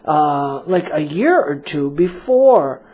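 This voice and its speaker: A male radio talk host who drawls along at an unhurried pace, circling his point with fillers and self-mocking asides. He sounds relaxed and chatty, as if in a small radio studio. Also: fairly high pitch, husky.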